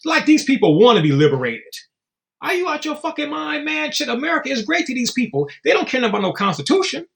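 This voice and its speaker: A man with a high voice that swings widely up and down, talking as a guest in a relaxed interview. He is blunt and emphatic and swears freely. He tells stories and acts out what others said. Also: quick pace, creaky. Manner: storytelling with acted-out quotes. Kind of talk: casual podcast interview.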